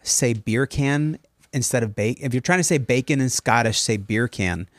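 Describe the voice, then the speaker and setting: Guy on a podcast, excited, rambly storyteller, dry close mic. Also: mid-range voice, moderate pace, no room sound. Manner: enthusiastic, rambling tangents. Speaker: podcast co-host. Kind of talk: casual chat, storytelling.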